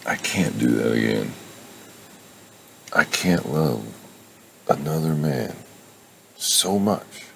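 A man's voice: extremely low pitch, huge pitch swings, slow pace, gravelly, long pauses, slight background noise, voice pushed up, full character voice. A man voicing a guarded, wry young widow. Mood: anxious. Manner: anxious, self-deprecating.

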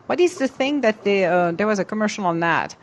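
A woman hosting a casual podcast, chatty and quick to laugh and agree with her co-host. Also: mid-range voice, expressive, crowd noise. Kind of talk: casual chat.

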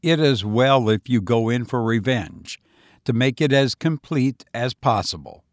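Male narrator, steady storybook reading, mid-pitched, dead-dry recording. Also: a little slow, no echo. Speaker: audiobook narrator. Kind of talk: scripted narration.

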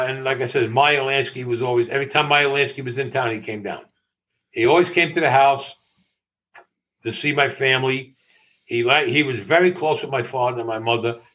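Older New man, animated storyteller. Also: medium pitch, muffled recording. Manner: animated, laughing, swearing freely. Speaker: interviewee. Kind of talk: storytelling in conversation.

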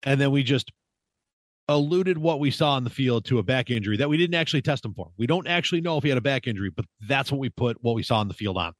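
A man's voice: mid-range voice, expressive, fast talker, dry recording, studio quality. A man co-hosting a sports podcast, delivering sarcastic, profane tirades. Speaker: podcast co-host. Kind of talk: casual sports chat.

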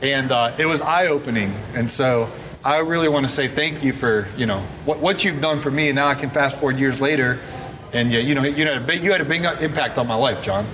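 A man's voice: mid-range voice, a little fast, a bit bright, slight background noise. A man hosting a podcast, talking casually and enthusiastically, rambling and repeating himself. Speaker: podcast host.

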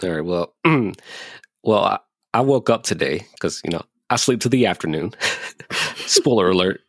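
A man with a fairly low voice hosts a casual podcast, talking in a loose, joking way with plenty of swearing. He laughs through his stories. The sound is close and dry. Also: lively intonation, normal speed, creaky, dry recording. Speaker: podcast host.

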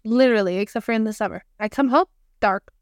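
A young woman co-hosting a podcast in casual chat, animated and quick to act out little quoted lines. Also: fairly high pitch, no room sound, studio quality. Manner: chatty, animated, quotes herself in voices. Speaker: podcast co-host.

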